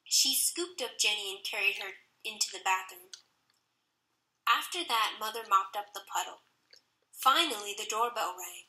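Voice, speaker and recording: Bright, lively woman reading a children's book. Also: mid-range voice, moderate pace. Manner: lively first-person storytelling with character voices. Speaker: audiobook narrator. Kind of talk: children's audiobook narration. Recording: roomy echo.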